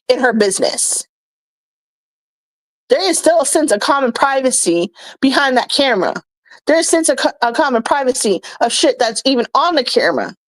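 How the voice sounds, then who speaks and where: A woman's voice: high voice, dry recording, poor audio. A young American woman, a vlogger ranting bluntly and scolding her commenters, swearing freely. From United States.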